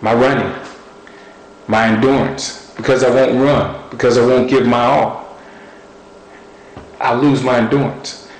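A man's voice: mid-range voice, steady tone, measured pace, pauses often. Earnest man preaching in an echoey room. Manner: emphatic repetition, earnest. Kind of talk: sermon.

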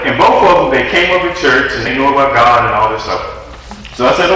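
A man's voice: medium pitch, fairly quick, bright, forceful tone. A man preaching conversationally, telling a story and acting out the quotes. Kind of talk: storytelling sermon. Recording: echoey hall from far off, faint noise.

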